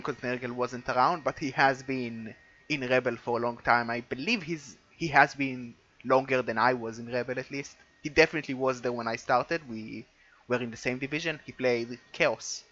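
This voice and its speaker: A man co-hosting a casual game league recap, chatty with quick asides, over a dull lo-fi mic. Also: medium pitch, bright, forceful tone. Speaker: recap co-host.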